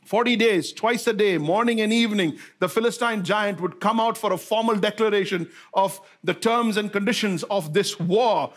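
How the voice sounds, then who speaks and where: A man's voice: high voice, normal speed, few pauses. A man pastor preaching a sermon, repeating key phrases and putting rhetorical questions to the congregation.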